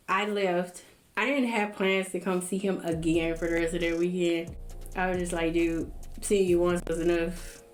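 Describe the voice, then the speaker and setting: A woman's voice: fairly low pitch, moderate pace, echoey room, soft background music. A young woman casually telling a personal story to her viewers, blunt and profane, acting out what others said.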